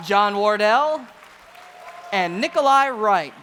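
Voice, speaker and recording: A man's voice: high voice, expressive, normal speed, bright, forceful tone. A tired man co-hosting a convention closing ceremony, teasing his partner and reading sponsor names. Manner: teasing, playful jabs at co-host. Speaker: convention co-host on stage. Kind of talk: live stage banter. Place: large convention hall stage. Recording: convention hall with crowd noise. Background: crowd and room noise.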